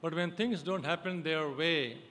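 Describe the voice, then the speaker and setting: A male pastor giving a sermon, emphatic and halting, with frequent hesitations. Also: on the high side, bright, forceful tone, a little hiss or hum. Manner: emphatic preaching with many hesitations. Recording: long reverb of a hall.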